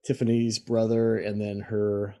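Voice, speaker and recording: A man's voice: fairly low pitch, level tone, a little slow, dark tone. A man co-hosting a casual podcast, making dry, wry jokes. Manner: dry, wry one-liners. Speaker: podcast co-host. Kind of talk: casual chat.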